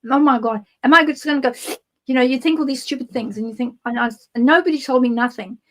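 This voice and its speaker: South African woman guest, candid rambling storyteller, voice sits a touch high. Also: quick pace, fairly bright tone, a little hiss or hum. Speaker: guest psychic. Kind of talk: interview, personal testimony.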